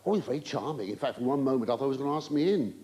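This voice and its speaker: An older man doing live stand-up comedy in a large theatre, camp and rambling, with drawn-out exclamations and stammering asides. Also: mid-range voice, expressive. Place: large theatre stage with an audience. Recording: roomy live theatre recording with audience noise.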